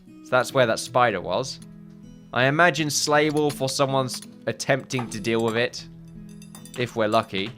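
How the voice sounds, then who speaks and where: A man giving casual gameplay commentary, thinking aloud in a muttering way with sudden loud outbursts. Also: mid-range voice, normal speed, soft background music. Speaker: gaming video host.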